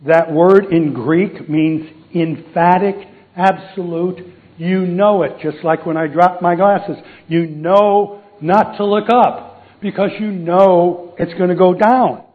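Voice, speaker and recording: High-pitched guy preaching, jokey, keeps asking the crowd questions, sounds like it's over a phone line. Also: slow. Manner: jokey, quizzes the congregation. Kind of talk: sermon. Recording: tinny phone-like recording.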